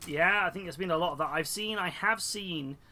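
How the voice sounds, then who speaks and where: Man, hobby streamer: bright, slightly high voice, loose rambling chat. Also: brisk. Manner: rambling and chatty, with many fillers and restarts. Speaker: hobby streamer and model kit seller. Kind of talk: casual live-stream chat while building models.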